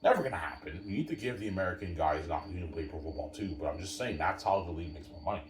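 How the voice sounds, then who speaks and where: Man, very low voice, rambling emphatic monologue, repetitive, roomy echo, distant mic. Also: expressive, rapid-fire, slight background noise. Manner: repetitive, emphatic, keeps saying obviously and addressing viewers. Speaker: sports commentator.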